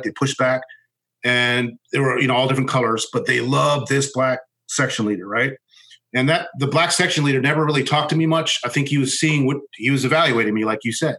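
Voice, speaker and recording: Bright-voiced man, halting and blunt. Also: medium pitch, poor audio. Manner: halting, restarts often, blunt with casual swearing. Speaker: former Marine officer telling his story. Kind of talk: candid conversational storytelling.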